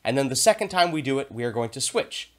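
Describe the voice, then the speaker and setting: A man teaching a theater video lesson to young children, speaking in a clear, encouraging and expressive way. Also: medium pitch, fast.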